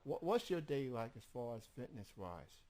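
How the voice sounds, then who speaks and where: A man's voice: mid-range voice, very animated, moderate pace, darkish tone. A man with a Southern accent hosting an interview, talking hesitantly with many fillers and restarts. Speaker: interview host. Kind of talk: casual interview.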